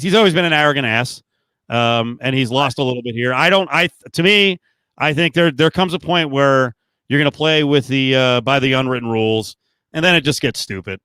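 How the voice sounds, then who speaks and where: A man co-hosting a casual sports podcast, animated and opinionated, his voice rising as he gets worked up. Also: medium pitch, a little fast, clear, resonant tone, no room sound. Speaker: podcast co-host.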